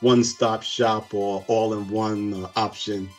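A man's voice: lowish voice, little pitch movement, a little slow, music in the background. Friendly male interview host. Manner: friendly, affirming, brief interjections. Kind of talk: casual interview chat.

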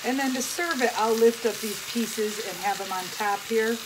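This home cooking host talks at a normal speed in a voice on the high side as she demonstrates a recipe in her kitchen. She walks viewers through every step in a chatty way, while a pan sizzles loudly in the background.

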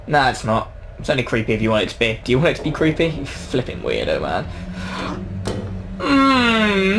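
A man's voice: medium pitch, wildly swooping pitch, moderate pace, fairly bright tone, slight background noise. A young man commenting on a horror video game, jumpy, yelping and talking back at the characters. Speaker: gaming YouTuber.

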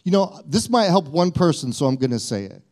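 Slightly high-voiced man preaching a sermon. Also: sing-song, a little fast, darkish tone. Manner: conversational preaching, repeats and restarts phrases. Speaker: pastor.

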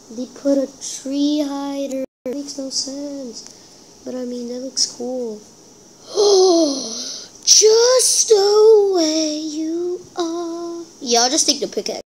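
A woman giving casual gameplay commentary, excitable and self-deprecating, talking straight to her viewers. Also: sits high, a little hiss or hum, rough recording. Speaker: gameplay channel host.

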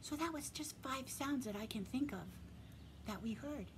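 A woman teacher gently reading a picture book aloud to young children, speaking straight to them and dropping to a soft whisper for quiet parts. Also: sits high, animated, normal speed, background noise. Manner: gentle and encouraging, addresses children directly; stops to point out real sounds around her. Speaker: preschool teacher.

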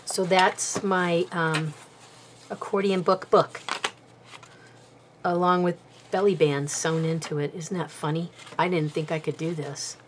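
Woman, slightly low voice, easygoing self-deprecating crafter narrating hands-on work, faint background hiss. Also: steady tone, measured pace. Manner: chatty and self-deprecating, talking while working with her hands. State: slightly out of breath. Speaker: crafter demonstrating bookbinding. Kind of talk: casual craft tutorial chat.

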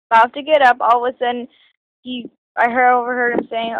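A woman's voice: a little high, steady tone, dry recording. Rambling teenage girl on phone video. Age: teens. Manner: rambling, halting with many ums and restarts. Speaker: vlogger. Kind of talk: casual storytelling to camera. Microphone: phone camera. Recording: dull lo-fi phone recording.

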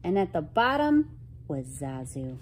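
Female storyteller for children, gentle and expressive, slow-paced and sing-song. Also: low-pitched, slight background noise, poor audio. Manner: gentle, expressive, asks listeners questions. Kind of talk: reading a children's picture book aloud.

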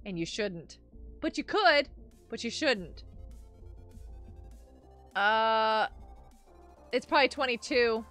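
A woman's voice: sits high, lively intonation, a little slow, long pauses, sharp tone, soft background music. A woman streaming a game, chatting and rambling casually into her microphone, laughing often and breaking into sudden squeals. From United States. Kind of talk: casual live-stream chat while gaming.

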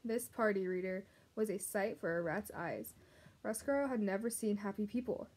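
A woman narrating a children's novel aloud, gently addressing the reader. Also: mid-range voice, normal speed, breathy edge. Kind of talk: storybook read-aloud narration.

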